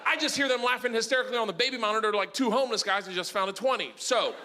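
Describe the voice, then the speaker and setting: Male stand-up comic, high and wildly swinging voice, noisy club. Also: racing. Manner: loud, animated, laughing through his lines. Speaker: stand-up comedian. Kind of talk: stand-up comedy. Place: comedy stage. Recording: noisy live comedy club.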